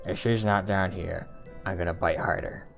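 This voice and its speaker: A man's voice: sits low, steady tone, moderate pace, gravelly, faint music behind, pitched below the performer's own voice. A man voicing a small, prim, stubborn guard rat in a tabletop game, curt and indignant.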